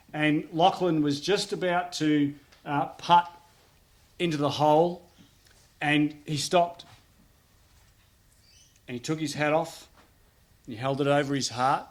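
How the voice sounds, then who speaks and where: A man with an Australian accent giving a conversational public speech as a politician, joking and using many fillers. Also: fairly high pitch. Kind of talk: public speech at an outdoor opening.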